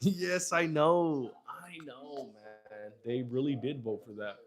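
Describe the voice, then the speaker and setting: A man's voice: medium pitch, fairly even intonation, slow. A man from New York hosting a casual livestream, chatting loosely and profanely while reading out viewer comments. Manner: loose and profane, reads chat aloud. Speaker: livestream host. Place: home in Texas.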